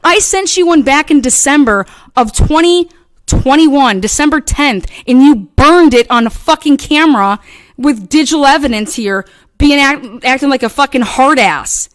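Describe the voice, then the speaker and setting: A woman's voice: high-pitched, expressive, normal speed, no echo. Furious foul-mouthed woman ranting. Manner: profane, combative, heated. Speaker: channel host. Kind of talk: angry livestream rant.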